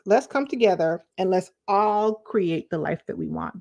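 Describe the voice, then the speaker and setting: Animated woman life coach. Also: mid-range voice, a little slow, gravelly. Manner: animated, conversational, repeats phrases for emphasis. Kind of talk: direct-to-camera coaching talk.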